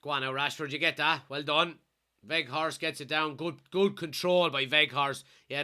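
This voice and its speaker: A man's voice: fairly high pitch, moderate pace. Stuffy-nosed Irish man streaming a match. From Kilkenny, Ireland. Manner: excitable, shouts at players and referee. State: blocked nose from a cold. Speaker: watchalong streamer. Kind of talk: live match commentary and chat reading.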